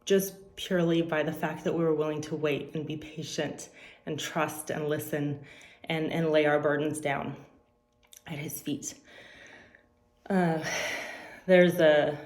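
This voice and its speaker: A woman in her forties, a teacher giving an earnest, halting church devotional with frequent ums. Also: low voice, a little mellow, echoey room. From California. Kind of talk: personal devotional talk.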